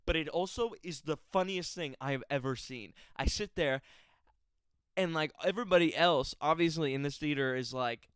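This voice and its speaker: Male vlogger, casual film reviewer, clear smooth tone, dry room. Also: fairly high pitch, normal speed, a bit bright, no echo. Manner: chatty, laughing, exaggerated asides. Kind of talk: casual movie review vlog.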